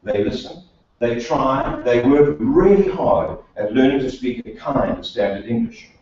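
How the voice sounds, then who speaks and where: A man's voice: mid-range voice, sing-song, unhurried, darkish tone. South African man giving a wry, echoey speech. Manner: dry wry humour, rhetorical questions. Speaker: speaker, speech and accent coach. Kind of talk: prepared speech to a meeting. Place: meeting room of a professional association. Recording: echoey hall, distant dull mic.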